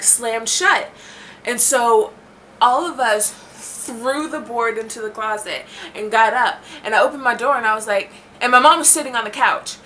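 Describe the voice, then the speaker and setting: A woman's voice: on the high side, slight background noise. A young woman vlogger telling a spooky story, acting out the lines and saying "like" a lot. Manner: animated, acts out dialogue, says "like" a lot. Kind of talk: storytime vlog.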